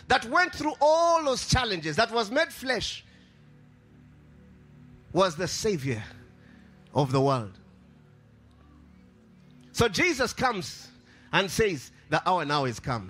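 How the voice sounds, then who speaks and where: A man preaching a sermon with impassioned, sing-song delivery, repeating his phrases and rising to shouts. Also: high voice, sing-song, slow pace, long pauses, breathy edge, faint music behind.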